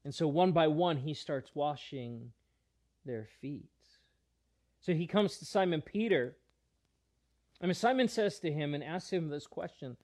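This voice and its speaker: A man's voice: on the high side, expressive, measured pace, a little mellow. A male pastor preaching a sermon in an earnest, explanatory way, often restarting his phrases.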